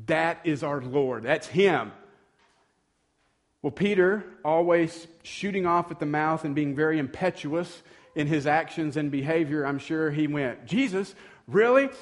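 A man preaches a sermon and tells the story with animated drama. His voice sits a little high, and he drops into easy, conversational asides.

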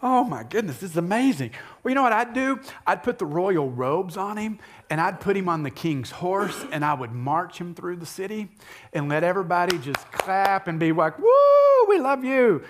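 A man's voice: high voice, lively intonation, moderate pace, pitched above the performer's own voice. Man doing a vain, gleeful scheming courtier.

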